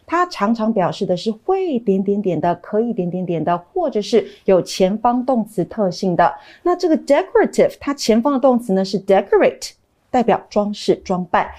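A woman's voice: fairly high pitch, warm tone. A woman co-hosting a lesson, explaining English grammar. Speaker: teacher co-host.

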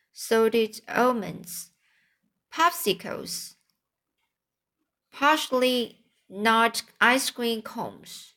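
Woman doing a slow persuasive old sheep. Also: fairly high pitch, fairly bright tone, full character voice. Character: old ewe, knowing and persuasive.

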